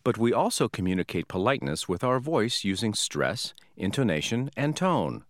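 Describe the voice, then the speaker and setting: Low-voiced male teacher explaining clearly. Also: sing-song, normal speed, no echo, clean studio sound. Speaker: language teacher. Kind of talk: scripted explanation.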